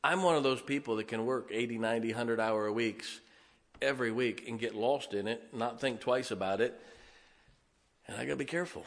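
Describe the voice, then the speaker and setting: A man in his forties preaching a folksy, humorous sermon, swinging between loud emphasis and soft asides. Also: medium pitch, fairly quick. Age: 40s. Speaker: pastor.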